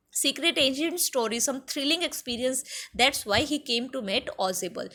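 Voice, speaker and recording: A woman teacher with an Indian accent, reading a textbook chapter aloud and paraphrasing it slowly for her students, with many fillers. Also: sits high, fairly bright tone. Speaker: English teacher. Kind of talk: classroom lesson explaining a textbook chapter.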